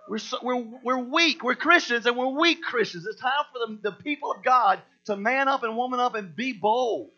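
A man preaching a sermon as pastor, energetic and slangy, acting out the people in the stories he tells. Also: extremely high pitch, measured pace. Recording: dull lo-fi sound with mains hum.

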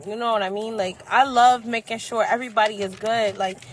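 A woman co-hosting a podcast, talking in loud, profane, animated casual chat. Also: a little high, brisk, husky. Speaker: podcast co-host.

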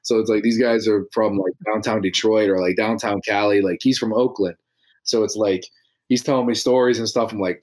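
A man's voice: lowish voice, moderate pace, darkish tone. A young man from small-town Ohio, a podcast guest telling rambling stories full of fillers in casual chat. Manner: rambling, filler-heavy storytelling.

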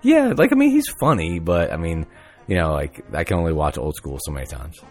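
A man's voice: deep voice, sing-song, brisk, a little mellow, faint music behind. A man co-hosting a podcast, chatting casually in a laid-back, rambling way with lots of fillers. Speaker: podcast co-host. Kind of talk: casual chat.

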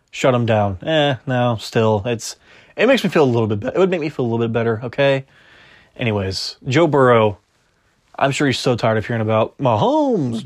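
A man hosting a casual sports podcast, opinionated and arguing back and forth with himself. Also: mid-range voice. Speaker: podcast host.

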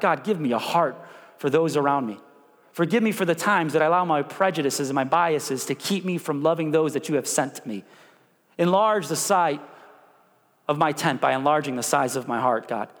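A man preaching a sermon as pastor, animated, with call-and-response prompts to the congregation. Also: fairly high pitch, in a large hall. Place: church sanctuary.

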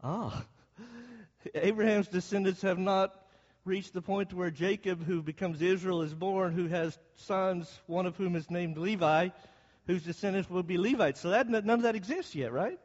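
In a big-sounding room with the highs cut off, a man with a high-pitched voice teaches a Bible class at normal speed. He explains the text and keeps asking his listeners questions along the way.

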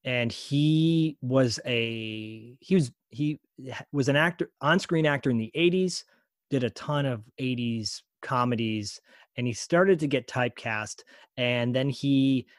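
A man talking as a guest voice actor on a podcast, easygoing and quick to laugh, often restarting his sentences. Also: medium pitch, dry recording, clean studio sound. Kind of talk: casual podcast chat.

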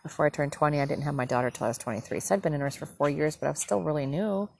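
A woman's voice: sits low, animated, very fast, gravelly, darkish tone. A middle-aged woman and former nurse, from the northern US, telling a story in a rambling, indignant monologue that keeps correcting itself. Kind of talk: casual monologue.

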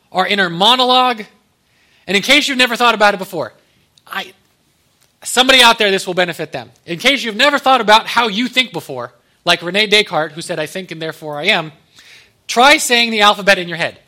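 A man's voice: high voice, lively intonation, a little fast, bright, forceful tone. A man pastor giving a conversational sermon, with joking asides to the congregation.

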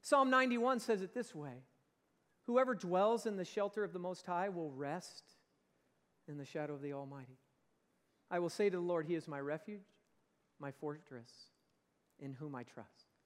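A man's voice: sits high, moderate pace, pauses often. A man preaching a sermon as pastor, emphatic, swelling and easing in force. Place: church sanctuary. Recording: long reverb of a large church hall.

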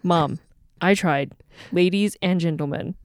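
A woman's voice: on the low side, a little slow, dry recording, studio quality. A young woman co-hosting a podcast at home, telling a story in a casual chat with frequent giggles. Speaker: podcast co-host.

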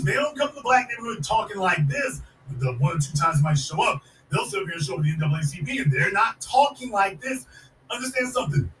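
A man with a high voice delivers a fiery, sarcastic commentary monologue, circling back to drive each point home. He sits back from the mic in an echoey room with a faint hiss underneath. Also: bright, forceful tone, recorded from a distance. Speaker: podcast host.

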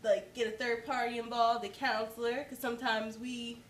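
A blunt, candid woman with a fairly high voice, swearing casually as she talks about her marriage. Her voice sits at a distance in an echoey room, over a faint hiss. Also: flat delivery, moderate pace. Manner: blunt, candid, profane storytelling. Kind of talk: casual chat.

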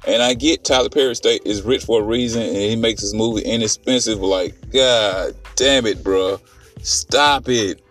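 A man with a lowish voice retells a film for his podcast at normal speed, hardly pausing, while rambling, swearing and restarting his sentences amid many fillers. The mic is distant and faint music sits in the background.

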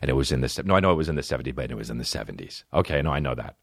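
A male comedian and podcast host telling a profane, animated personal story in casual chat. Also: very deep voice, racing, creaky, no room sound, studio quality.

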